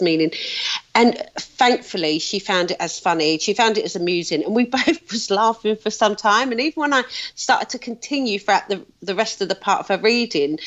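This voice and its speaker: A British woman in her thirties or older, a psychic guest telling stories in a casual podcast interview, chatty with frequent fillers. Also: mid-range voice. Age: 30s or older. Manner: chatty storyteller, laughs often, many fillers. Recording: slightly dull lo-fi audio.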